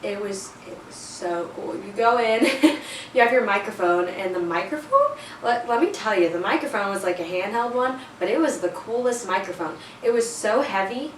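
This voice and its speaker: A woman's voice: medium pitch, expressive, normal speed. A teenage girl telling a storytime in a chatty, casual way, full of fillers and self-conscious laughs. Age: teens. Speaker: vlogger. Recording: roomy, a bit distant, faint noise.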